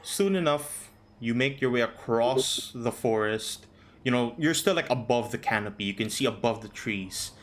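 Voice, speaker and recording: A man narrates a tabletop game as its game master in an easygoing, unhurried manner, pausing with ums as he describes the scene. His voice sits at a middle pitch, and a faint hiss of background noise runs under the call. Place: home, online voice call.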